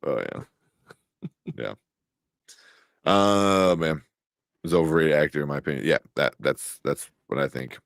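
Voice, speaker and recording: A man co-hosting a casual show chat, animated, laughing often and restarting his sentences. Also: extremely low pitch, measured pace, gravelly, pauses often, no echo, studio quality. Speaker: co-host.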